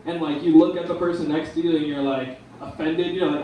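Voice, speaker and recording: A man's voice: on the high side, fairly even intonation, brisk, few pauses, dark tone, slight background noise. A young man doing a rambling, casual stand-up comedy set in a bar lounge. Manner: rambling, casual, lots of ums and dudes. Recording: echoey room from far off.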